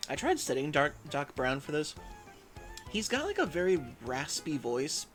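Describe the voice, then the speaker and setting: A man's voice: fairly high pitch, huge pitch swings, normal speed, a bit bright. A man chatting casually while playing a game on stream, rambling and chatty, over game music. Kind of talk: casual let's-play chat.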